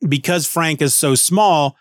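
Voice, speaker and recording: A man's voice: fairly high pitch, unhurried, no echo, clean studio sound. A man hosting a podcast, recapping a comic book in a casual, rambling way with many restarts. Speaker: podcast host.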